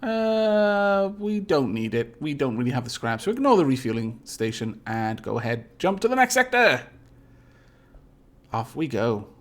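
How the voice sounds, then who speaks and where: A man's voice: mid-range voice, big pitch swings, normal speed, hardly any pauses. A man streaming a space game live, reading event text aloud theatrically and answering chat in polite, formal phrasing.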